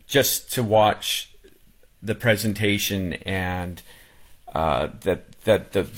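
A man on a radio talk show, speaking casually with many restarts and fillers, emotional as he recalls a funeral. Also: low-pitched.

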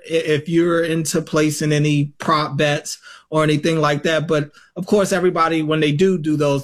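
Host asking long, winding questions. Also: male voice, a little high. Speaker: sports show host. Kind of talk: casual sports chat.

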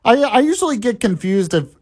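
A man's voice: sits high, sing-song, a little fast, darkish tone, husky. A man hosting a talk radio show, chatty and laughing often. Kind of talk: casual talk radio chat.

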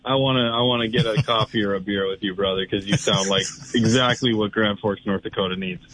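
A man calling in to a radio show, excitable and enthusiastic, heard through a phone-in line. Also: on the low side, fairly quick, a crowd in the background, rough recording. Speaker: caller. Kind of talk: phone-in chat.

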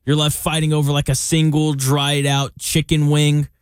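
A young male sports talk host with a somewhat high voice, recorded dry and close with no room sound. He talks casually and opinionatedly, tossing in jokey asides as he makes his case. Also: completely flat delivery, normal speed, smooth, no echo.

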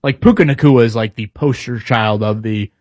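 A man's voice: mid-range voice, moderate pace, a little mellow, dry recording. A man co-hosting a casual sports talk show, speaking conversationally with frequent fillers and restarts. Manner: conversational, stop-start with fillers. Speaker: sports radio co-host.

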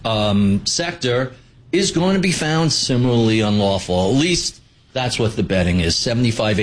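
A male finance guest with a mid-pitched voice, speaking bluntly with a sardonic edge. He rattles off statistics to make his point. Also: low-quality recording. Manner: blunt and sardonic, lists figures. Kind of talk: interview answers.

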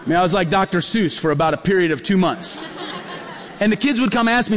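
A man's voice: high voice, a little fast. A man preaching a sermon as a pastor, telling stories and acting out the dialogue in them. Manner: animated, acts out dialogue in his stories. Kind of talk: sermon storytelling. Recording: long hall reverb.

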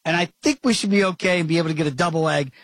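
A man with a fairly high, husky voice hosts a betting chat, lively and quick to joke. His voice is dry and close on the mic. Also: dry recording. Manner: lively, jokey, does impressions. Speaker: podcast host. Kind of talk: casual podcast chat.

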